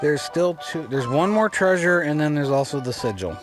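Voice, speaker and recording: On the high side and with lively intonation, this man's voice moves at a moderate pace through rambling let's-play commentary. He repeats words and restarts sentences, and game music plays underneath.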